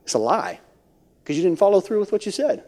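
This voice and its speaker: A man preaching a sermon as pastor of a church, swinging from hushed near-whispers to loud, high-pitched acted-out voices. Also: sing-song, fairly quick. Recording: long hall reverb.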